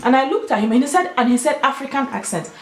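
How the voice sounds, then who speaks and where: Her voice is high-pitched, animated and darkish, coming out rapid-fire as she vlogs. An adult Nigerian woman with children and an Igbo-tinged accent, she explains and tells stories emphatically and casually, recorded in an echoey room.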